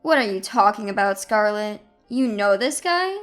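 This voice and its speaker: A woman's voice: medium pitch, lively intonation, moderate pace, soft background music, lightly acted. Woman reading Jacob, arrogant hospital man. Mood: dismissive. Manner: dismissive, then stammering. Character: arrogant man turned groveling.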